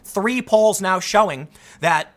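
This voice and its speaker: Fired-up, high-voiced male political commentator. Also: slow pace, a bit bright. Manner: emphatic and indignant, repeats words as he restarts. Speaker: political commentator, show host. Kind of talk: heated political commentary monologue.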